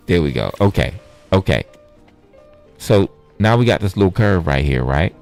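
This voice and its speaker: A man giving casual gameplay commentary in an animated, joking and profane way. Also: low-pitched, normal speed, creaky, faint music behind. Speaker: gaming vlogger.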